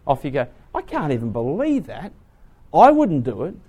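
A man preaching a sermon, retelling a story dramatically, swinging from hushed to loud. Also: fairly high pitch, huge pitch swings, moderate pace, breathy edge.

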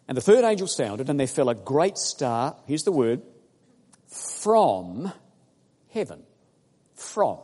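A man preaching a sermon, emphatic and building to loud exclamations as he addresses the congregation. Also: medium pitch, husky. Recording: long hall reverb.

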